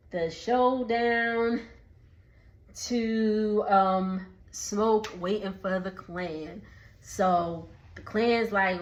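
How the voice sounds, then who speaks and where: Slow, chatty woman recapping a film. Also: mid-range voice, a bit bright, poor audio. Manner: chatty, many fillers, acts out lines. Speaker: vlogger.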